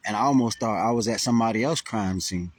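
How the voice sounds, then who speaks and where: Speaking to camera near Burlington, Vermont, a male vlogger with a lowish voice rattles off a rambling, profane story at a fast clip. He retells it animatedly and casually, full of restarts and filler words.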